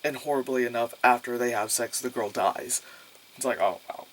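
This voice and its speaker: A man's voice: medium pitch, steady tone, moderate pace, slight background noise. A man giving a casual movie review, rambling and sarcastic, full of filler words and swearing. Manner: swears freely.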